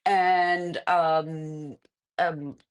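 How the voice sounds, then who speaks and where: A middle-aged woman with an Iraqi Arabic accent, a political candidate talking in an interview, animated, with frequent fillers and quick laughs. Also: low-pitched, clean tone. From Iraq. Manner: animated, laughs often, many fillers and restarts. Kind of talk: conversational interview.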